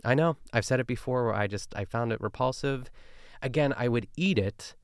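A man's voice: medium pitch, fairly quick, smooth, no room sound, clean studio sound. A man hosting a podcast in casual chat, rambling and chatty with lots of fillers and tangents. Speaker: podcast host recapping a cooking show.

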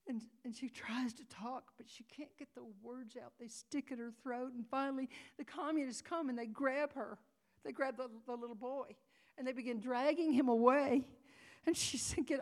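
A woman's voice: a little high, normal speed, darkish tone. Emotional woman preacher telling a story. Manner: dramatic storytelling, dropping to whispers and rising to cries; emotional, near tears. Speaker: conference speaker. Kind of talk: sermon storytelling.

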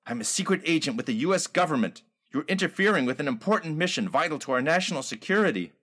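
A man's voice: a little high, animated, fast, a bit bright, pitched above the performer's own voice. A man voicing a scheming female secret agent with a put-on Mexican accent, talking urgently and insistently.

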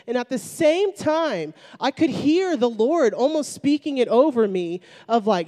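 A woman's voice: fairly high pitch, very animated, unhurried, hardly any pauses, mellow. Chatty young woman in an echoey hall. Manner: chatty storytelling with many fillers. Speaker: speaker sharing a testimony. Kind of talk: personal faith testimony. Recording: long hall reverb.

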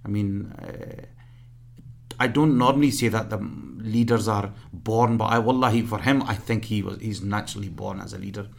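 A male charity fundraiser, a guest, telling earnest stories in a casual interview, halting with many restarts. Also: fairly low pitch, gravelly.

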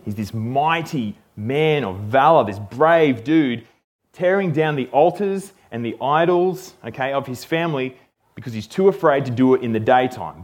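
A man teaching a Bible passage in a relaxed, conversational way, often checking in with "okay?". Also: mid-range voice. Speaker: preacher.

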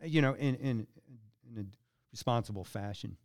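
A man, a company founder, explaining himself in a measured, thoughtful way in a casual interview. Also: medium pitch, a little mellow.

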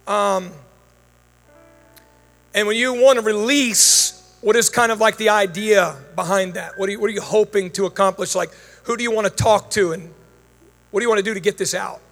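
Gravelly yet fairly bright, this man's high voice keeps fairly even intonation at a moderate pace. He preaches a sermon with prayer and Q&A to a congregation in a large church hall with long reverb, praying with fervent authority and chatting casually in his asides.

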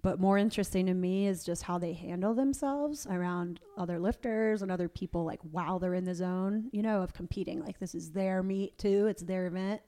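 A woman hosts a casual interview podcast with a mellow, relaxed tone. She tells stories in a chatty, animated way. She acts out what other people said. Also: lowish voice, a little fast, hardly any pauses. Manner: chatty, animated storytelling with quoted voices. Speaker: podcast host; powerlifting coach and competitor.

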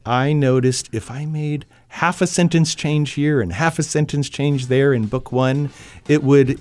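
A man's voice: medium pitch, a little slow, darkish tone, faint music behind. A man from New Hampshire, an author reading from his novel with theatrical expression and then talking as a guest. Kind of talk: dramatic reading, then interview talk.

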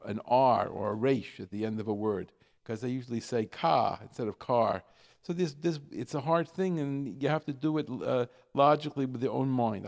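A man from New York hosting a radio talk show, explaining in a halting way full of fillers and drawing out example words slowly. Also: mid-range voice, darkish tone.

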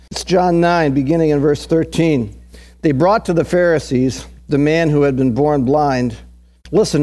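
A man with a high voice preaches a sermon in a chatty, down-to-earth way, repeating his words for effect. He swings from loud, emphatic peaks to low, hushed intensity. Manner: conversational, folksy preaching with repetitions. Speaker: pastor.

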